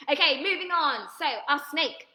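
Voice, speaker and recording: A woman's voice: high-pitched, lively intonation, measured pace, pushed and bright, reverberant. A woman leading an online drama workshop for children, cheerful and reading out viewers' comments, laughing and gasping often.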